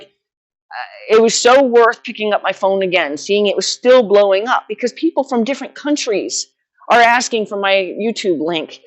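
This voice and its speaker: A woman's voice: medium pitch, animated, normal speed. A middle-aged woman vlogging casually, telling a rambling, self-deprecating story about her horse farm with frequent laughs.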